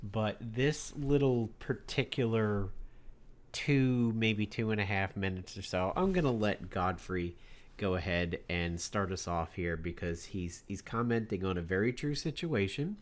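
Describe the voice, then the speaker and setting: Male commentary host, somewhat low voice, casual conversational delivery with wry asides. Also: unhurried.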